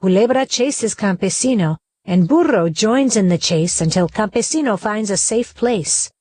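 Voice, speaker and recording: A woman's voice: medium pitch, expressive, moderate pace, darkish tone, dry recording. A woman reading a children's play aloud, including the stage directions. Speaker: reader.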